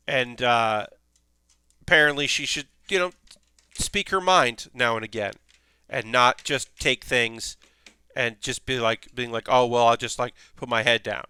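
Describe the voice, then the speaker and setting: Bright, clear-voiced man recapping casually. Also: mid-range voice, dry recording. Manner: rambling, filler-heavy retelling. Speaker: stream host.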